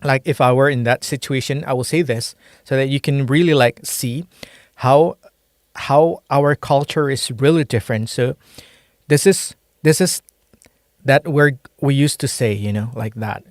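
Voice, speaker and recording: A man's voice: mid-range voice, measured pace, no room sound. Indonesian-accented man teaching, dry sound. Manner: thinks aloud, hesitant and searching for words. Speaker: language teacher. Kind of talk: casual language lesson.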